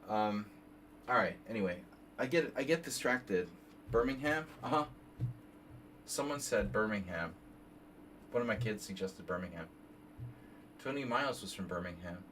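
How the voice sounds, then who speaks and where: A man's voice: fairly low pitch, lively intonation, normal speed, pauses often, a bit bright. A man in his fifties streaming casual chess analysis, rambling off on tangents while he reads moves aloud. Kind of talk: casual live game analysis. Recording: slightly distant mic, faint background noise.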